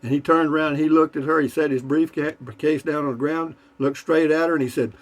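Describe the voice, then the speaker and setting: A man's voice: fairly high pitch, steady tone, a little fast. A man tells jokes in a loose, folksy, rambling way. He fills his talk with asides and stops to toast and sip a beer between jokes. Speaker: joke-telling vlogger. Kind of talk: casual joke telling.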